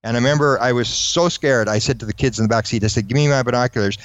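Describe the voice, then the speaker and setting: Fast-talking man telling a story. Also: mid-range voice, no echo. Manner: fast, animated storyteller who acts out quoted voices. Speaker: guest recounting UFO encounters. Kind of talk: anecdotal storytelling.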